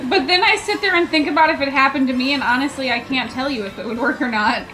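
A woman's voice: high-pitched, fast, sharp tone, rough recording. A woman co-hosting a let's play, teasing her friends and apologizing as she laughs. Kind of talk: casual teasing banter while gaming.

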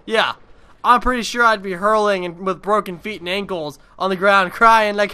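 Bright-voiced young man, rambling, swearing. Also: high-pitched, normal speed, clean tone. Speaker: gaming video creator. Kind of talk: casual gameplay commentary.

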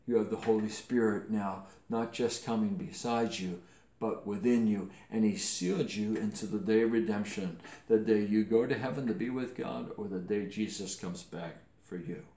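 A man preaching a sermon as pastor, earnest, slowing down to stress key phrases and dropping softer toward the close. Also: lowish voice. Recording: echoey room.

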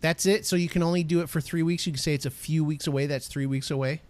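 A man's voice: fairly high pitch, fairly even intonation, quick pace, a little mellow, no echo. A middle-aged man co-hosting a podcast, talking animatedly and acting out quotes in exaggerated voices. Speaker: podcast co-host. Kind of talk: casual podcast chat.

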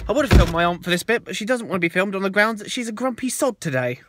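A man talking casually into a handheld camera for his travel vlog, excitable and swearing freely. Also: sits high, fast, few pauses, background noise. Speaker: vlogger.

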